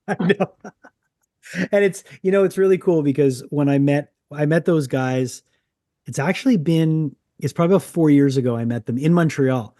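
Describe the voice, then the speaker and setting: A man's voice: a little high, normal speed, warm tone, no echo, clean studio sound. A man from Canada hosting a podcast interview, telling stories in a rambling way and often restarting his sentences. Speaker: podcast host. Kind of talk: casual interview chat.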